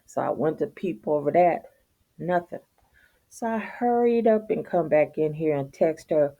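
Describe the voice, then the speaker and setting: A middle-aged woman telling a story in a casual, profane, animated rant, laughing as she goes. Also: low voice, measured pace, dull audio. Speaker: vlogger.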